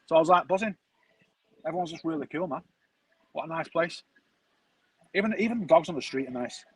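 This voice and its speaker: A man's voice: a little high, animated, brisk, slightly rough, dry recording, poor audio. A man, telling a rambling, chatty story full of slang as a streamer. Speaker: football streamer. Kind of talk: casual storytelling chat.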